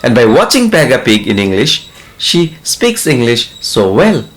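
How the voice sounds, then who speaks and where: A man's voice: medium pitch, big pitch swings, measured pace. A man from India talking earnestly as an English tutor, giving step-by-step advice straight to the listener. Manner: earnest, advising the listener directly. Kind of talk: instructional talk to camera.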